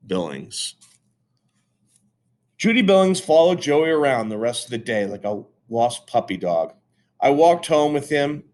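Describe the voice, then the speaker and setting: A man reading a children's chapter book aloud in an animated, expressive way. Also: mid-range voice. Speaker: reader.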